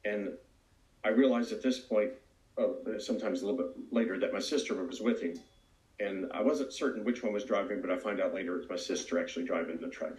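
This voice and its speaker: A man's voice: fairly low pitch, brisk, a little mellow. A man giving an earnest, reflective personal testimony as a recovery speaker. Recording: roomy echo.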